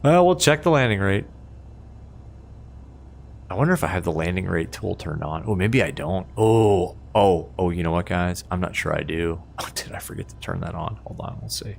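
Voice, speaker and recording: A man's voice: low-pitched, moderate pace, vocal fry. A man giving chatty, self-mocking live commentary as a flight sim streamer, laughing often at himself.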